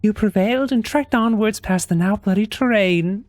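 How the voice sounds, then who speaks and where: A man's voice: high-pitched, normal speed, a little mellow, no echo, voice pushed up, natural voice. A man voicing a sinister, menacing male card-game dealer, narrating a video game in a theatrical, ominous voice.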